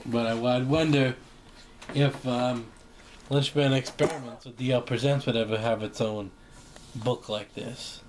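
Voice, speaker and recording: A man's voice: medium pitch, fairly even intonation, a little slow, darkish tone. A young man rambling casually to camera, joking and acting out imagined conversations. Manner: rambling, jokey, acts out imagined exchanges. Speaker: vlogger. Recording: faint background noise.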